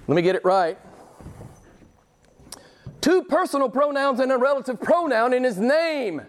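A middle-aged male preacher delivering a sermon with passion, his voice jumping from hushed asides to sudden high, emphatic rises. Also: big pitch swings, moderate pace, long pauses. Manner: impassioned, swings from quiet to loud with sudden rises.

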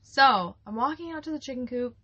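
A young woman co-hosting a podcast, telling a farm story in a rambling, casual way with lots of fillers and quick laughs. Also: high-pitched, animated, pushed and bright, slightly rough, lo-fi sound. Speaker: podcast co-host, flower farmer.

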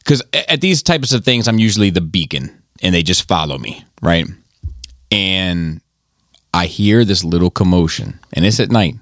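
A man in casual podcast chat, an animated storyteller who swears freely. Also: deep voice, normal speed, no room sound, clean studio sound.

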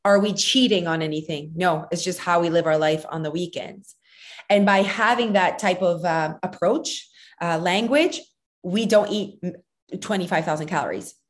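A woman with a French first language co-hosting a casual podcast, talking in an animated, emphatic way full of "like" and "you guys". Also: lowish voice, normal speed. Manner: animated, emphatic, sprinkled with fillers. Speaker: podcast co-host, nutrition coach.

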